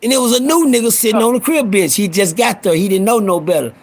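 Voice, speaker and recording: A man's voice: sits high, fast. A man hosting a live stream, telling rowdy, profane stories and acting out the voices of people in them. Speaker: host. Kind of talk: storytelling on a live audio stream.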